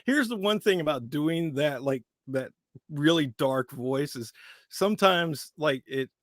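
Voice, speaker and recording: A man, a voice actor guest, chatting in an animated, playful way during an interview. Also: on the high side, a little slow, no room sound, clean studio sound. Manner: animated, laughing, playful storyteller. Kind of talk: casual interview chat.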